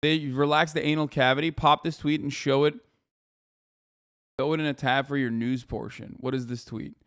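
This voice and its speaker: A man's voice: medium pitch, steady tone, moderate pace, fairly bright tone, clear, resonant tone, no echo, clean studio sound. A man hosting a live stream, joking crudely and rambling in casual chat. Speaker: streamer host.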